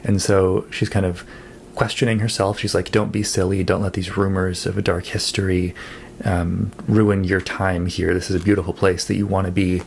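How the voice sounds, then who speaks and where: Chatty low-voiced man reviewing books. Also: vocal fry, darkish tone, slight background noise. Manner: chatty, thinking aloud with fillers and self-corrections. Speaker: book vlogger. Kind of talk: casual monthly wrap-up talk.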